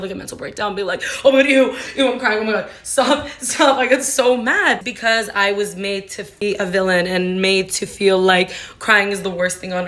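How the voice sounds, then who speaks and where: A woman's voice: mid-range voice, a bit bright. A woman in her twenties talking casually to the camera in a vlog, candid and chatty, swearing freely and acting out her own reactions. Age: 20s. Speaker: social media creator.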